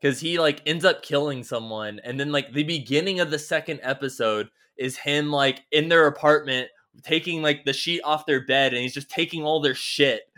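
A man's voice: on the high side, moderate pace, hardly any pauses, bright, forceful tone. A man co-hosting a podcast in casual chat, rambling with constant filler words and casual swearing. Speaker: podcast co-host. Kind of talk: casual chat recapping a TV show.

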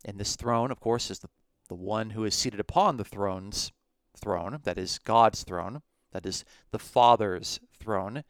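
A man teaching on scripture in a podcast, slow and emphatic, reading Greek passages aloud. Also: fairly low pitch, smooth, no echo, studio quality. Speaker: Bible teacher.

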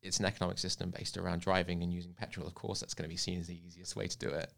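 A man's voice: low-pitched, little pitch movement, very fast, creaky, fairly bright tone. A man in casual chat, explaining things at length and sprinkling his sentences with "like". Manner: explaining, filler-heavy with frequent "like".

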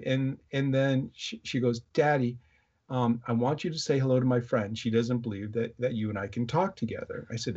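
A middle-aged man with a husky, slightly breathy voice tells a personal story in a halting, conversational way, often restarting his sentences. He slips into quoting other people as he goes. The audio sounds a little dull and lo-fi. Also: medium pitch, darkish tone. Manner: halting, many fillers and restarts, quotes voices while telling a story. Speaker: guest, electronics inventor. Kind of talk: casual interview storytelling.

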